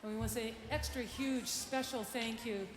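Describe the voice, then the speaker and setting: A woman's voice: on the high side, steady tone, moderate pace, background noise. A woman co-hosting a concert, leading the audience in a call-and-response chant and thanking them from the stage. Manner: upbeat, leads the crowd, shouts out cues. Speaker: concert co-host and singer. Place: large concert auditorium. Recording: echoey hall with loud crowd and band.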